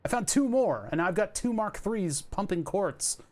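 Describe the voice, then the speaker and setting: A man's voice: sits high, expressive, moderate pace. A man streaming a building game, chatting casually to his viewers in a rambling, self-mocking way. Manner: rambling, self-mocking, jokey asides to chat. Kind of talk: casual gameplay commentary.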